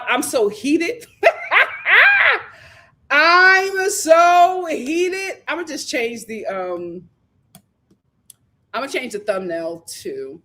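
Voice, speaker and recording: A woman's voice: mid-range voice, a bit bright. A woman reviewing a reality TV show on a casual live stream, ranting with exasperation and breaking into laughter.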